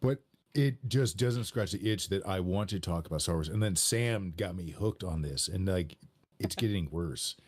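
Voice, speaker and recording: A man's voice: low voice, lively intonation, moderate pace. A man co-hosting a podcast in casual chat, joking and easygoing, sometimes stumbling over his words. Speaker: podcast co-host, YouTube narrator.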